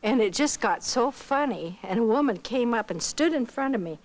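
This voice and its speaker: In a slightly high voice at a moderate pace, an older missionary woman from Iowa, United States, tells the story of her life as testimony. She acts out what others said with lively voices, and the recording is rough.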